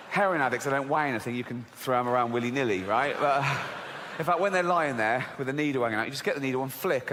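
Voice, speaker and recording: A middle-aged man doing a stand-up comedy routine on stage, animated and laughing at his own jokes. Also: medium pitch, slight background noise. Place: large theater stage with a live audience. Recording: live hall recording with long reverb.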